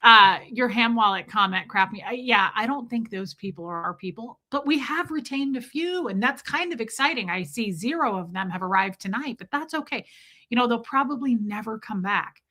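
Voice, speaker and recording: Bright, chatty woman streamer. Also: on the high side, expressive, normal speed. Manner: chatty, self-mocking, laughs often, greets viewers by name. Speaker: live stream host. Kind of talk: casual live chat reading viewer comments.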